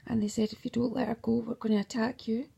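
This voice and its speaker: Rambling, husky woman with a gravelly voice. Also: on the high side, level tone, fast. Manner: swears freely, keeps asking "right?"; drifting, dark humour, breaks into laughter. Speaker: mother telling her own story. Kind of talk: rambling personal monologue.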